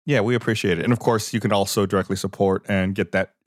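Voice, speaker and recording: A middle-aged man hosting a podcast in casual chat, his voice slightly hoarse from a cold. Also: lowish voice, fast, no room sound, studio quality. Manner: relaxed, lots of fillers and restarts. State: hoarse, recovering lost voice. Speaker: podcast host.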